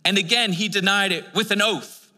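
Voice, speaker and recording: Very bright-voiced male preacher. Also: high-pitched, moderate pace, long reverb tail. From United States. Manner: reads scripture then explains it in casual asides; conversational, with filler words and restarts. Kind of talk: sermon.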